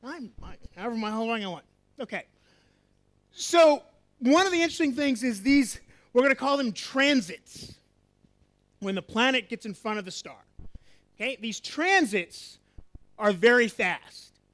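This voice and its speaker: A man's voice: very high-pitched, a little slow, long pauses. A man giving an interactive astronomy lecture to a live festival audience, coaxing volunteers and quizzing the crowd. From USA. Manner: lively, coaxing, asks the audience questions.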